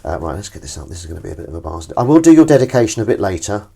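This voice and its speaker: A man hosts a livestream from his home kitchen sink while washing up, rambling in a self-deprecating way and reading out viewers' comments as dishes and cutlery clatter behind him. His voice is low, sing-song, creaky and warm, slightly rough, and very fast.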